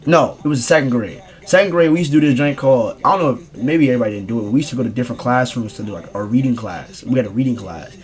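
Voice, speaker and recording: A young man rambling through a casual storytime vlog in slangy, animated speech. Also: mid-range voice, rapid-fire, hardly any pauses. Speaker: streamer telling a story.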